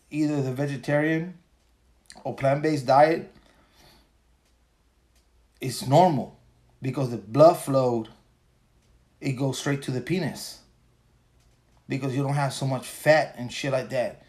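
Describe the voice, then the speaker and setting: A man in his forties hosts a solo podcast, worn out after a long workday, ranting casually in crude, profane, rambling fashion. His voice is medium-pitched and darkish, and he talks slowly with long pauses.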